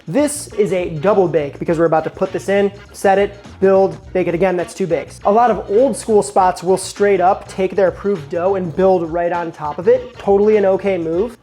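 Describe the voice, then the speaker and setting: Male home-kitchen vlog host, chatty and eager, warm tone, light music bed. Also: high-pitched. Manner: enthusiastic, slangy, chatty. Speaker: cooking show host. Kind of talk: casual cooking vlog.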